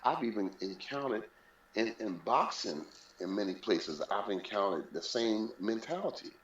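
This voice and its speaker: Low-voiced man telling his story. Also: expressive, moderate pace, a bit bright. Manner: emphatic, repeats key phrases. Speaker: interview guest, boxing figure. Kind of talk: candid personal storytelling. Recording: roomy, dull lo-fi sound.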